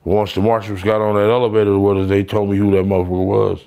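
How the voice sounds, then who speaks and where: A man's voice: lowish voice, level tone, quick pace, gravelly, dark tone. A man telling stories in a casual interview, blunt and profane, acting out the voices of people he quotes. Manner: profane street storytelling, acts out quoted voices. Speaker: interview guest.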